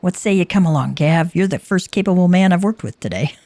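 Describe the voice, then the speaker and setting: A woman voicing a brisk, dutiful young naval lieutenant in a video game, formal and self-assured. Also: lowish voice, mellow, no echo, close to an everyday voice.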